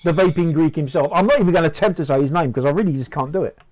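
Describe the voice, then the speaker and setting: A man's voice: fairly high pitch, very fast, a little mellow. A man hosting a casual studio chat, making dry quips and moving the show along. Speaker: show host.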